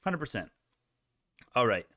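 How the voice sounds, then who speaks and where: A man giving live stock-market commentary, excitable and rambling, with frequent swearing and self-corrections. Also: medium pitch, a little slow, no room sound, studio quality.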